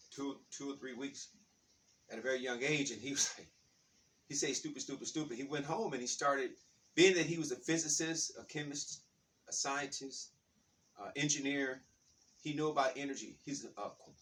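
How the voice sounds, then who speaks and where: Bright-voiced man telling a story from a distance. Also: medium pitch, slight background noise. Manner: rambling, animated storytelling with many restarts. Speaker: spiritual talk host. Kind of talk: casual storytelling monologue.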